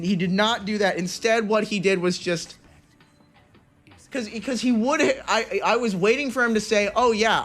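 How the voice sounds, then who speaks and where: High-voiced rambling young male streamer. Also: a bit bright. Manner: rambling, self-interrupting, frequent restarts. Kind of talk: casual stream chat.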